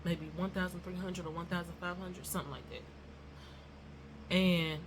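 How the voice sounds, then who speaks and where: A woman's voice: on the low side, unhurried, background noise. A woman telling a rambling story to her viewers in a casual vlog, chatty and addressing them as y'all. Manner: self-described nervous and non-confrontational. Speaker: YouTuber.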